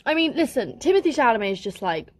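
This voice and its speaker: Woman gushing in an interview, high lively voice, swoops around. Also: fast. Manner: gushing, animated. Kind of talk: casual interview chat.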